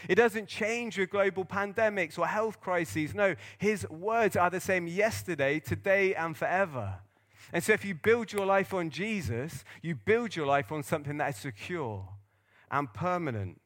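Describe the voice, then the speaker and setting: A man with a fairly high voice preaches a sermon as a pastor. He speaks in an earnest, animated way and lets his tone rise and fall as he tells a story. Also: measured pace.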